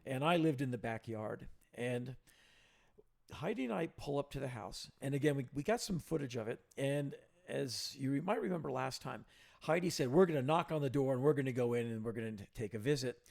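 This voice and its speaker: A middle-aged man co-hosting a podcast, with a gravelly, mid-range voice. He tells stories casually and turns animated whenever he quotes someone. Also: mid-range voice, fairly quick. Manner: anecdotal, animated when quoting others. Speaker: podcast co-host. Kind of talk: casual storytelling.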